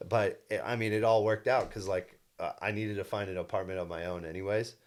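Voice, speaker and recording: A young man with a low, deep voice tells a personal story on a casual podcast. He rambles earnestly, restarting his sentences and filling gaps with "like" and "you know." The delivery is relaxed and conversational. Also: a little fast. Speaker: podcast co-host and solar salesman.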